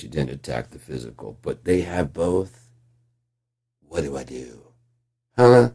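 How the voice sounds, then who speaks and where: Gravelly man on a swearing rant. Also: fairly low pitch. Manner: swearing, yelling in bursts. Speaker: vlogger. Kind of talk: profane political rant. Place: home.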